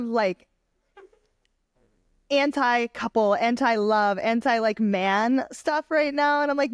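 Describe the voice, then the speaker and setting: A woman hosting a podcast interview, talking in an expressive, casual way. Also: on the high side, takes it slowly, long pauses, clean tone, no room sound, clean studio sound. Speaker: podcast host.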